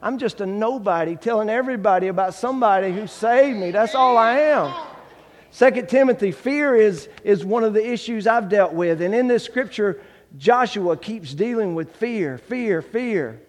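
A man with a drawl preaches in a high, bright tenor, acting out the people in his testimony. His voice rings with a long reverb off the church sanctuary. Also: moderate pace. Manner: animated storytelling, acts out quoted voices. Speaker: guest preacher. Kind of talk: sermon with personal testimony.

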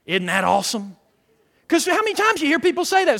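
A man preaching a sermon, swinging between loud shouted lines and hushed quiet ones. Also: very high voice, huge pitch swings, fairly quick, creaky. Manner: dramatic swings from shouting to near-whisper. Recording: long reverb of a hall.

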